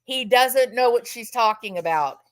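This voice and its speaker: A woman's voice: on the high side, animated, moderate pace, faint music behind. A woman giving a casual true-crime commentary in a sarcastic, incredulous, emphatic manner.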